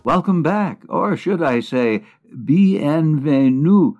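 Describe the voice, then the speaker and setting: A man with a middle-pitched voice co-hosting a casual comedy podcast. He talks in a playful, wisecracking way and ribs his partner. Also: lively intonation, measured pace, a little mellow, muffled recording, faint music behind. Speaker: podcast co-host. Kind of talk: casual comic chat.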